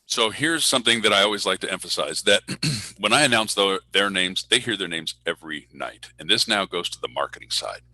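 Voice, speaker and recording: Over a video call with low-quality audio, a man who works as a public address announcer tells stories during a casual online speaker Q&A. His voice sits low and moves fairly quickly, and he's an animated storyteller who acts out the voices in his anecdotes.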